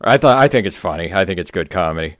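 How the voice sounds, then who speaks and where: Comedy podcast co-host, deep-voiced man, dry and deadpan, rambling tales. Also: fast, no echo. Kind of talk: casual comedy podcast chat.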